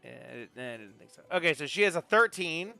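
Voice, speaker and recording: A man's voice: on the high side, lively intonation, fast, vocal fry, sharp tone, clean tone, soft background music. A man running a tabletop game as game master, chatty, checking rules aloud with stumbles.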